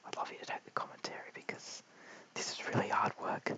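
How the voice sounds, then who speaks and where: A man's voice: a little fast, low-quality recording. Whispering Australian man calling cricket. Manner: hushed, apologetic, chats with viewers between balls. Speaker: live stream cricket commentator. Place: at home late at night. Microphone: held very close to the mouth.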